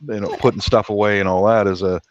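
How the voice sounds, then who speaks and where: A man's voice: lowish voice, level tone, fast, dull audio, crowd noise. A man chatting easily as a guest, talking about his garden and saying mm-hmm a lot. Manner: easygoing, lots of mm-hmms. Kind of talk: casual chat.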